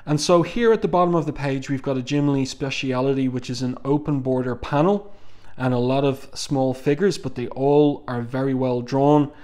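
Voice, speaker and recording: Male comic reviewer, mid-pitched, calm and deliberate, close reading of the artwork. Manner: measured, thoughtful, frequent "um" fillers.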